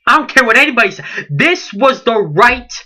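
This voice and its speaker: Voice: mid-range voice, sing-song, brisk, bright, forceful tone. A late-teen wrestling vlogger in a heated, indignant rant, firing off rhetorical questions and repeating himself. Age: late teens.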